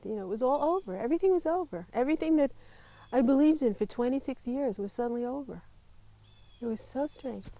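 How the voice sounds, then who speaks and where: A woman, a Buddhist nun telling her life story in an interview, lively and laughing often. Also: on the high side, dry recording, poor audio. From United States. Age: 50s. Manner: animated storytelling, laughs often, mimics voices in quotes. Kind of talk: personal storytelling.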